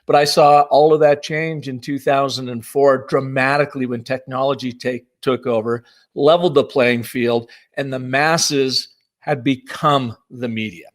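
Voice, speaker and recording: A man's voice: mid-range voice, fairly even intonation, measured pace. A man in his fifties giving an enthusiastic, punchy conference presentation on storytelling. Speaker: marketing speaker.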